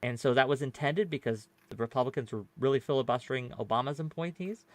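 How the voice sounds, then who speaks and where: This show host speaks fast in a medium-pitched voice with no echo. He makes a long, casual debate argument as a panelist, peppered with fillers, restarts and rhetorical "right?" asides.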